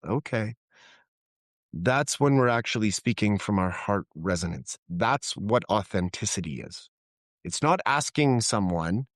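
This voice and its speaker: A middle-aged man telling candid personal stories in a relaxed conversational way, reflective and animated when he quotes people. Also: lowish voice, measured pace, no echo, studio quality. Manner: reflective, acts out quoted dialogue with laughs. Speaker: podcast guest, therapist.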